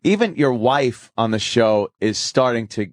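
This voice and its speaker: A man's voice: medium pitch, expressive, a little slow, no echo, studio quality. A middle-aged man hosting a radio talk show, joking and enthusiastic as he rambles through questions. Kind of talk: casual radio interview chat.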